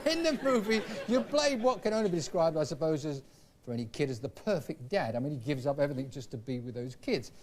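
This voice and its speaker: A man's voice: a little high, lively intonation, fast talker, some chatter behind, slight background noise. A British man hosting a talk show, asking chatty, teasing questions. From Britain.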